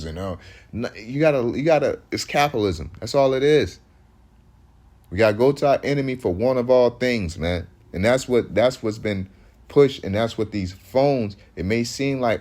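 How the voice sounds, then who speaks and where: A man's voice: mid-range voice, animated, normal speed, a little mellow. A man, preaching in loose street talk that rambles, restarts often and hits points with emphasis.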